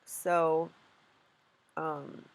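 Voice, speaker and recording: A woman's voice: low-pitched, flat delivery, very slow. A young woman vlogging while day trading, rambling, swearing and laughing at herself in casual chat.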